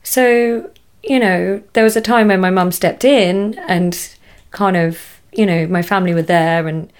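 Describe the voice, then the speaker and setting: A woman's voice: fairly low pitch, steady tone, unhurried, clean tone. A young woman with an English accent, talking casually as a guest about a hard time in her life. She laughs often and trails off mid-thought. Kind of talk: casual conversation.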